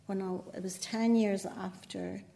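An older Northern Irish woman with a mellow, warm voice. She speaks as a poet guest in a relaxed interview. She chats freely, laughs often and pokes fun at herself. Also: medium pitch, a little slow, gravelly. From Northern Ireland. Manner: chatty, laughing often, with self-mocking asides. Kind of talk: conversational interview.

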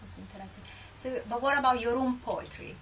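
A woman hosting a poetry panel, asking questions softly and hesitantly and murmuring agreement. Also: on the high side, a little fast. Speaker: event host. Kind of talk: moderating a panel discussion. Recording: noisy recording from far from the mic.

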